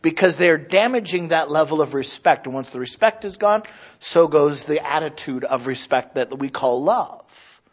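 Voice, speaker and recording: A man in his thirties preaching a sermon, animated and acting out little scenes in other voices. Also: fairly high pitch, moderate pace, dull audio. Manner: animated, mimics voices for illustrations. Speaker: pastor.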